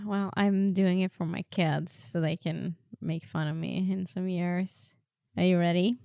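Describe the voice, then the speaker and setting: A woman's voice: lowish voice, fairly even intonation, a little slow, warm tone, no echo, lo-fi sound. A woman from Norway co-hosting a podcast in casual chat, bashful and giggly. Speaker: podcast co-host.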